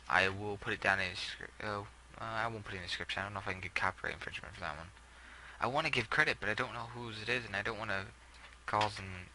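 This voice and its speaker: A man's voice: lowish voice, creaky, sharp tone, slight background noise, rough recording. A young man casually talking through a game build, rambling with many fillers and self-corrections. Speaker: gameplay video creator.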